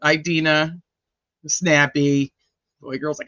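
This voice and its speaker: A woman's voice: low voice, steady tone, unhurried, a bit bright, no room sound, lo-fi sound. A woman hosting a casual true crime livestream, joking, teasing and swearing as she reads viewer comments, laughing often.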